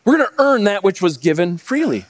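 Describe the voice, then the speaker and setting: A man in his thirties, a pastor, preaching a sermon with lively rhetorical questions that he answers himself. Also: high voice, a little fast.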